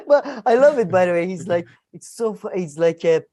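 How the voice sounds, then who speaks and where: A woman co-hosting a podcast in casual chat, laughing often and rambling in quick asides. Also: on the low side, expressive. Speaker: podcast co-host.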